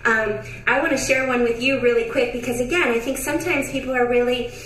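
A woman hosting a broadcast and giving prophetic words, talking in a conversational way with many fillers and restarts, laughing softly between phrases. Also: on the high side, steady tone, fairly quick. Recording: echoey room, distant mic.

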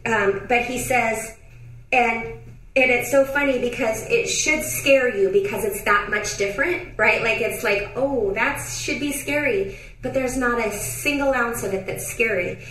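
A woman hosting a broadcast and giving prophetic words, talking in a conversational way with many fillers and restarts, laughing softly between phrases. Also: fairly high pitch, a little slow. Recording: echoey room, distant mic.

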